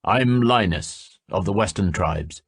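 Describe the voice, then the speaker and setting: A man's voice: sits low, takes it slowly, breathy edge, dry recording, studio quality, heavily acted. A man voicing a grave male elf messenger who brings a warning, in an audiobook.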